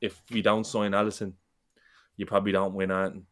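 A man's voice: fairly low pitch, level tone, brisk, fairly bright tone. A man, co-hosting a football fan chat, talking passionately, rambling and swearing freely.

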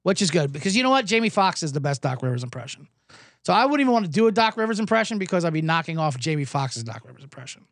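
A hoarse man hosting a comedic sports betting podcast, ranting in a sarcastic, profane way. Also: on the high side, very animated, racing, a bit bright, dry recording, studio quality. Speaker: host.

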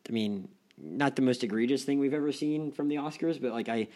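A man's voice: medium pitch, brisk, mellow. A young man hosting a casual film podcast, rambling with lots of fillers and restarts. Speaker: podcast host.

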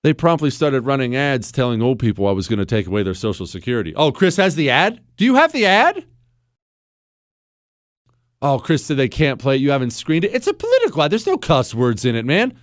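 A man's voice: mid-range voice, huge pitch swings, brisk, no echo. A man hosting a talk radio show, speaking bluntly and sarcastically in a studio. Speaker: radio host. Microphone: studio microphone.

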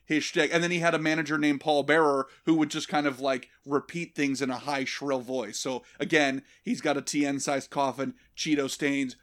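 Male podcast host, slightly high voice, animated and profane comic storyteller. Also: moderate pace, few pauses. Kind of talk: casual comedic chat.

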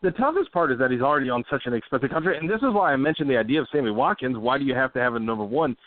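A man hosting a casual sports talk podcast, talking emphatically and turning animated when he jokes. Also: mid-range voice, racing. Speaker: podcast host. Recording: dry tinny phone-like audio.

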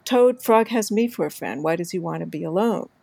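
A woman's voice: fairly low pitch, lively intonation, a little fast, vocal fry, a little mellow. A woman voicing Toad, a fretful, eager male toad, reading aloud from a storybook in a pleading way. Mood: anxious.

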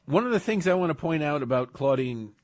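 A man co-hosting a talk radio show, delivering sarcastic, deadpan jokes and heated rants. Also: fairly high pitch, brisk. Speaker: radio co-host. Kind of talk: casual talk radio banter.

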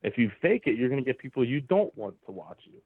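A man's voice: mid-range voice, sing-song, fast, breathy edge, no echo. A man from Southeast Pennsylvania chatting as a podcast guest, earnest and rambling, circling back through restarts. His voice sits mid-range and comes through a thin, phone-like line with a dry, close sound. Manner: earnest, rambling, many restarts and "you know"s. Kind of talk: casual chat. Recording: tinny phone-like call line.

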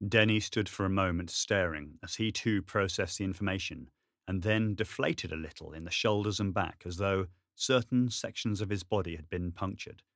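A man narrates a novel in a low, steady, measured voice. The reading is close to the mic in a dry, dead room. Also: no room sound. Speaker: audiobook narrator. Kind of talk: scripted narration.

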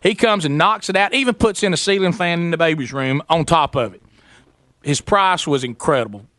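A man's voice: fairly high pitch, a little fast, a bit bright, no echo. A middle-aged man telling a story on a talk show, acting out both sides of the conversation. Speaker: radio show host.

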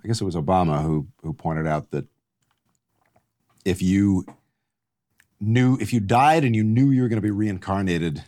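A man's voice: low-pitched, normal speed, long pauses, a little mellow. A man talking as a guest in a casual chat, wry and opinionated, arguing with vivid examples.

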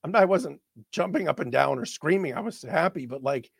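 A man's voice: a little high, lively intonation, creaky, husky, no room sound, studio quality. Emotional man hosting a sports show. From not from the area of the team he covers. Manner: halting, repeats words, voice cracks with emotion. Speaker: sports talk show host.

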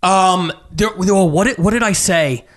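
A stand-up comedian in his thirties tells a story in casual conversation, animatedly acting out the voices he quotes, swearing included. His voice is high-pitched and he speaks a little slowly.

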